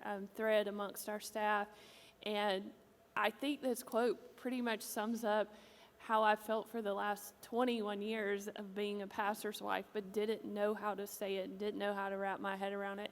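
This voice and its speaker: A woman speaking as a pastor's wife to a congregation in a church auditorium. She is soft-spoken and reflective. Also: mid-range voice. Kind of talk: stage conversation to a congregation. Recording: long hall reverb.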